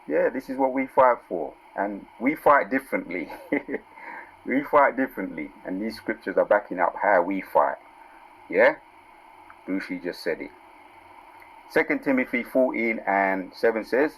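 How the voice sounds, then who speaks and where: A man teaching from scripture in a casual sermon, reading verses out slowly and with force, then dropping into low asides and asking "yeah?" and "right?". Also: animated, fairly bright tone, slightly rough, low-quality recording. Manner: calls out "yeah?" and "right?" to listeners. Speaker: preacher.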